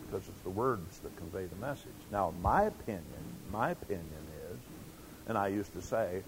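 A man's voice: fairly low pitch, lively intonation, normal speed, a little hiss or hum, poor audio. An older man preaching a sermon, telling stories in a folksy way and acting out quotes. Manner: folksy storytelling with acted quotes.

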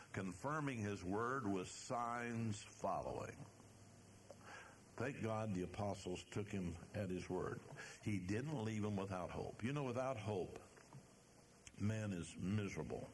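An older man preaching in a church with a fairly low voice. He reads scripture slowly and with weight, stumbling now and then. A faint room hum sits behind him. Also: lively intonation. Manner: slow, emphatic preaching with fillers and restarts. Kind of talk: sermon.

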